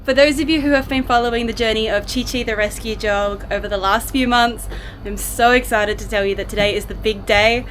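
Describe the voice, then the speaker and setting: A woman's voice: a little high, fairly even intonation, brisk, music in the background. A young woman hosting a sailing vlog, chatting to the camera in an upbeat, casual way with filler ums. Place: outdoors in a boatyard. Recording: outdoor noise behind.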